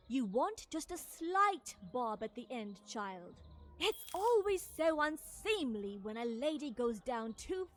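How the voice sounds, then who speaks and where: A woman's voice: high voice, heavily acted. An actress playing a genteel noblewoman fixated on manners, speaking in a prim, affected, instructive way. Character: genteel etiquette-obsessed noblewoman.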